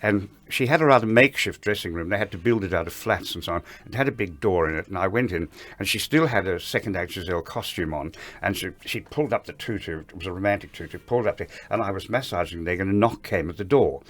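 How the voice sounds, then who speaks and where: Older Australian man telling lively stories. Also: low voice, fast, few pauses. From Sydney, Australia. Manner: lively raconteur, laughing, with frequent restarts. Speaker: interview guest, retired ballet dancer. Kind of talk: anecdotal storytelling.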